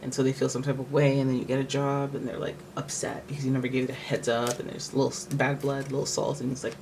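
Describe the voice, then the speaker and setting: A man talks loosely through a tarot reading at a mid pitch, thinking aloud and circling back on himself. The talk is full of restarts and filler words. Steady background noise sits under his voice. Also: quick pace, vocal fry, hardly any pauses. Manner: rambling, thinking aloud with many likes and restarts. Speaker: tarot reader.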